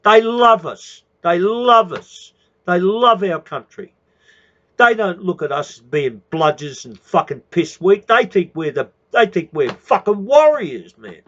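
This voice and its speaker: An Australian man ranting at his listeners in a raised, slightly high voice. He swears freely, circles back over the same phrases and keeps dropping in "mate". The recording sounds dull and lo-fi. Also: big pitch swings, unhurried, a bit bright. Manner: profane, repetitive, calls listeners "mate". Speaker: activist speaking to followers. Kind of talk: impassioned rant.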